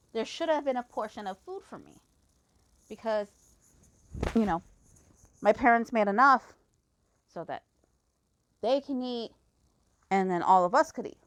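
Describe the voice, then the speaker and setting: Young woman, casual rant, heavy swearing, heated, storytelling. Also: a little high. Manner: profane, heated ranting. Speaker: fan reader.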